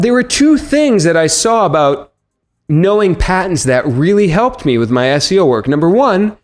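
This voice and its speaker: A man hosting a podcast, giving an energetic, upbeat intro to his episode. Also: mid-range voice. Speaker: podcast host.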